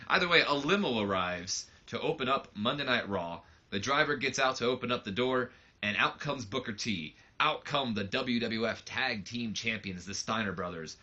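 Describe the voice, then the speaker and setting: A man's voice: medium pitch, lively intonation, normal speed, bright, forceful tone. A man giving casual let's play commentary on a wrestling game, rambling loosely with lots of fillers, on a slightly muffled mic.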